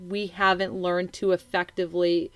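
A woman's voice: fairly low pitch, moderate pace, clean tone, dry recording. A woman in her thirties, a mother co-hosting a casual chat, talking animatedly and acting out what kids and parents say. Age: 30s. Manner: animated, acts out kids' and parents' lines. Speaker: podcast co-host, mother.

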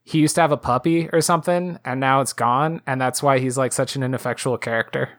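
A young woman with a notably low voice chats on a podcast, sarcastic and playful. She jokes and rants with animated energy about what she has watched. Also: quick pace. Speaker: podcast co-host. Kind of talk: casual chat recapping a film.

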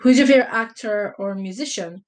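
A woman's voice: mid-range voice, brisk. A young woman from Italy answering casual vlog questions, rambling and hesitant, with lots of fillers and self-corrections. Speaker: vlogger.

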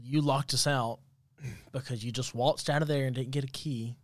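A man co-hosting a podcast in casual chat, adding quick teasing interjections. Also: medium pitch, fairly even intonation, no room sound. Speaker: podcast co-host.

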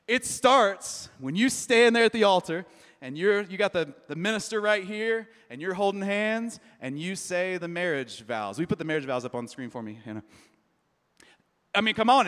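A man's voice: high voice, fairly bright tone, in a large hall. A male pastor preaching a sermon in a casual, conversational way, telling self-deprecating stories full of fillers.

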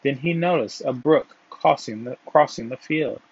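Storyteller: man, gravelly and husky, reading a folk tale, dull dry recording. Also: medium pitch, normal speed, no room sound. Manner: gentle read-aloud with small restarts.

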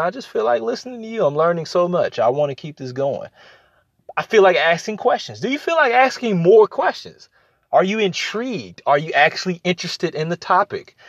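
Man giving relaxed relationship advice. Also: fairly high pitch, no room sound, dull audio. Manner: conversational, repeats phrases for emphasis, acts out quoted exchanges. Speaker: podcast host. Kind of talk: casual advice talk.

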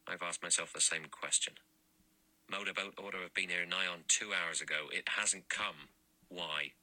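A man's voice: low-pitched, steady tone, normal speed, pushed and bright, dry recording, low-quality recording. A man reading an audiobook voices a blunt, cynical ex-police inspector with dry, emphatic delivery.

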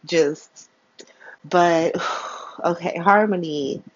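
A low-pitched woman talks through a soap opera episode like she's catching up with a friend, slangy, frank and quick to laugh. The sound is dry and a bit dull, like a modest home setup. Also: no room sound. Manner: chatty and slangy, laughs often, frank opinions. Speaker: podcast host. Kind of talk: casual soap opera recap.

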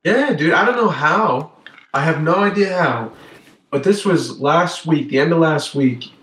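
A man's voice: on the high side, expressive, unhurried, a bit bright. A young man in casual chat, rambling through stories in a slangy way, calling people bro and dude. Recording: echoey room.

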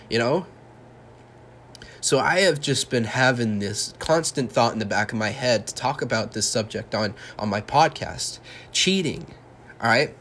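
A man's voice: medium pitch, unhurried, fairly bright tone, slight background noise. A young man hosting a solo podcast, ranting heatedly and sarcastically, swearing a lot. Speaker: podcast host.

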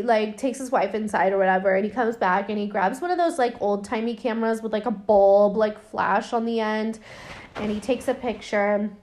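A young woman hosting a podcast, casually recapping a horror film with lots of fillers and the odd swear. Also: a little high. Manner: chatty, lots of fillers, swears, acts out quotes. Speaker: podcast host.

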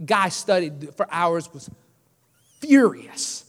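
A pastor preaches a sermon in church, joking, self-deprecating and conversational with the congregation while weaving in stories. His voice sits high and a bit bright, animated at a moderate pace. The recording carries the long reverb of a large hall.

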